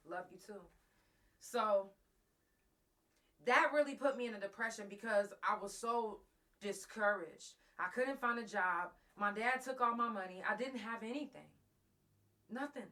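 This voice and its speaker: A woman's voice: medium pitch, sharp tone. A woman hosting a live talk show, telling a raw, profane personal story straight to her listeners while close to tears. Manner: raw, profane, emotional, addresses listeners directly. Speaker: host.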